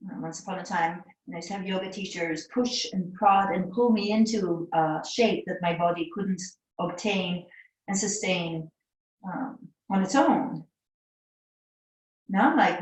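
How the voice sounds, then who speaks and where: A woman yoga teacher giving chatty, gently encouraging cues in a live class. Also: on the low side, a little slow. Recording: echoey room, mic far off.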